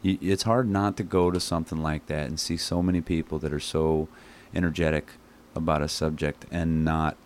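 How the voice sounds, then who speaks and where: A man's voice: very deep voice, steady tone, moderate pace, few pauses, a little mellow, a little hiss or hum. A man hosting a casual talk show, earnest and rambling, often stopping to correct himself. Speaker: show host. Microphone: headphones and studio mic.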